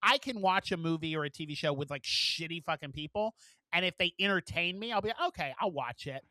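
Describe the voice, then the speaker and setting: Chatty bright-voiced man. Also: on the high side, lively intonation, brisk, no room sound. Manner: chatty, swears freely, recaps scenes with quoted lines. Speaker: podcast co-host. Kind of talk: casual chat.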